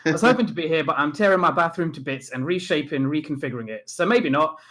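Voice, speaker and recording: A man's voice: a little high, animated, fast, fairly bright tone. A man putting on a cheeky Leicester bloke. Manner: mock-impression, upbeat and cheeky. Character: cheerful grumbling man co-host, mid-renovation.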